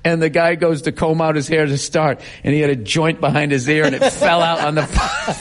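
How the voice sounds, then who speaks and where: A man's voice: a little high, a little fast, a crowd in the background. Sex: man. Style: laughing profane storytelling. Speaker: guest comedian. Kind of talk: casual storytelling interview.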